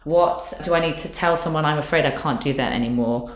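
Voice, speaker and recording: Low-voiced woman in her 30s, chatty and open, echoey room. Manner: chatty, candid, quick to laugh. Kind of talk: casual chat. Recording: roomy echo.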